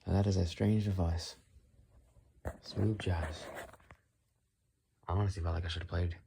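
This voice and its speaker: A tired young man rambling softly and unscripted into his phone in his bedroom late at night, with a soothing, unhurried voice. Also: sits low, flat delivery, gravelly, background noise. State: tired, sleepy. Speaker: vlogger.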